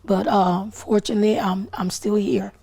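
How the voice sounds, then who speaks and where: A woman's voice: medium pitch, little pitch movement, normal speed, creaky, dark tone. A woman in an interview speaking emotionally and plainly, with mentions of faith.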